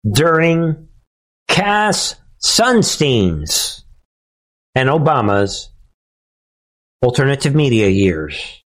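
A male host delivering a political commentary monologue, chuckling and sarcastic as he talks. His pitch swings up and down freely, and he takes his time between phrases.

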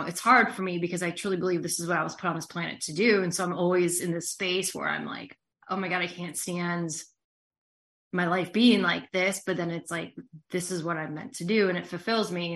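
A woman journalist on a livestream as a guest. She speaks haltingly and hesitantly, filling her sentences with "you know". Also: lowish voice, steady tone, a bit bright. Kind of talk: livestream interview.

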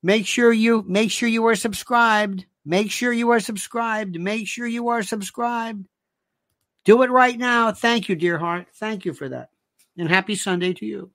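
A man's voice: sits high, measured pace, fairly bright tone. A man hosting his own show, delivering an emphatic, opinionated monologue and repeating himself for emphasis. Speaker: show host.

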